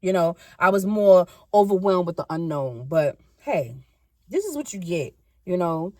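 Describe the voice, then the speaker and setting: A woman in her fifties talks in a rambling, chatty way, often stopping to correct herself. Her voice sits a little low. The sound is dry and close, recorded in a car. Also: lively intonation, measured pace, mellow, no room sound. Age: 50s. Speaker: vlogger. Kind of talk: casual car-ride vlog chat.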